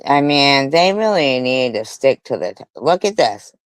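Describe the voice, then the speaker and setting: Slow, indignant woman streamer who swears heavily. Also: extremely low pitch, very animated, smooth, no room sound. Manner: indignant, swears heavily while reading comments aloud. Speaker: commentary streamer. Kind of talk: livestream commentary.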